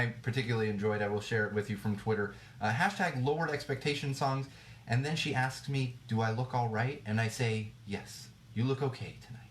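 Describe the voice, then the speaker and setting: With a bit of hiss or hum on his livestream mic, an American podcast host goes on a casual solo rant in a medium-pitched voice. He talks bluntly, swears plenty and keeps stopping to restart, padding with fillers.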